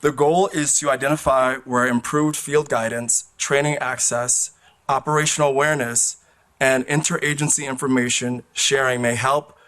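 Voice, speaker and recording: A man with a mid-pitched voice reads a measured, formal statement from his notes at a public meeting. He speaks steadily into a podium microphone. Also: fairly bright tone. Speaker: public commenter. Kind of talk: prepared public comment.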